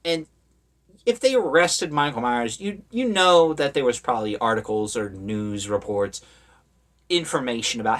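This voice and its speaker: A man's voice: mid-range voice, lively intonation, moderate pace, fairly bright tone. Rambling, sarcastic man reviewing horror films. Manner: rambling, with many fillers and sarcastic asides. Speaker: horror movie vlogger. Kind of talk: casual opinionated commentary.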